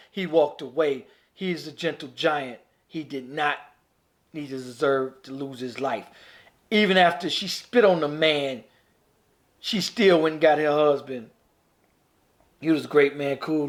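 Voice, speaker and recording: A man from Chicago giving emphatic, preachy live-stream commentary and talking straight to his viewers. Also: a little high. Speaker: vlogger.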